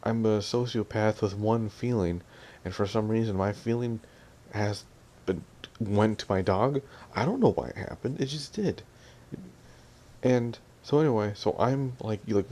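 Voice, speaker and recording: A man's voice: on the low side, normal speed, mellow. A young man ranting in an audio vlog, annoyed and mimicking his family as he tells what happened. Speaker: vlogger.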